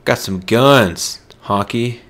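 A man's voice: mid-range voice, slow pace, fairly bright tone. A man hosting a let's play, making casual joking asides as he plays. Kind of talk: casual gameplay commentary.

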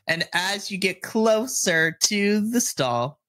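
A man narrating a tabletop game as game master, excitable and giggly, often restarting his sentences. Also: sits high, slow.

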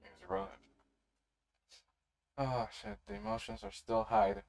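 A reaction video host giving casual, expressive and profane commentary straight to the viewers. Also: medium pitch, measured pace, gravelly.

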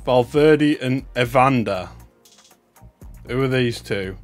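A young man giving excitable, chatty commentary on a live stream, swinging between loud bursts of hype and muttered asides. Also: mid-range voice, measured pace, pauses often, dry recording, faint music behind. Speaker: livestreamer opening trading cards.

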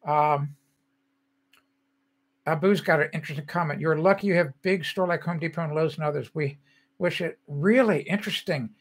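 A man's voice: on the high side, moderate pace, pauses often. An older man hosting a casual livestream, chatting loosely and reading out viewer comments as he greets people by name. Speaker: livestream host.

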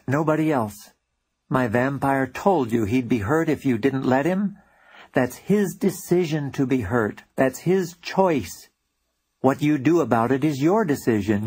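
A calm, patient teacher who explains things slowly and deliberately, voiced by a man reading his own book. The voice is mid-pitched and husky. Spoken audiobook character.

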